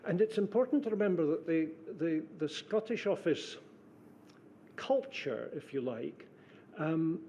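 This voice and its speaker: Older guy testifying, careful and precise, umms a lot, mellow voice, bit of faint hiss. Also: fairly high pitch, animated. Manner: measured, precise, hesitant with fillers. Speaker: witness, former civil servant. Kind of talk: formal inquiry testimony.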